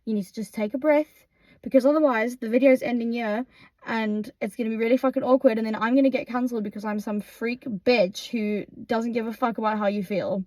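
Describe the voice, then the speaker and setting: A young woman chats casually and scolds in a blunt, sweary way. Her voice sits a little high. The sound is dry and close, with no room echo. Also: fairly even intonation, brisk, a little mellow. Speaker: co-host. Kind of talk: casual chat.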